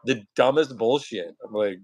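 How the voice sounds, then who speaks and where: A man's voice: medium pitch, moderate pace, breathy edge, no echo. A man hosting his own livestream, telling stories in casual, profane chat and acting out the people he quotes. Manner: profane, animated storytelling with acted-out quotes.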